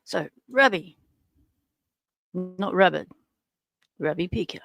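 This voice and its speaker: A woman's voice: fairly low pitch, animated, takes it slowly, vocal fry, a bit bright. A middle-aged Australian woman hosting a casual livestream, chatting and greeting viewers by name. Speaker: livestream host.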